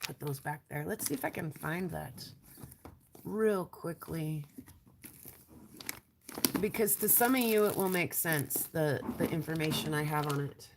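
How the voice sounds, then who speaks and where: Stuffy-nosed raspy woman, low-pitched. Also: unhurried, pauses often, background noise. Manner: chatty, rambling, trails off with ums. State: stuffy nose, raspy from allergies. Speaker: lapidary showing rocks to viewers. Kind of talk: casual live-stream chat.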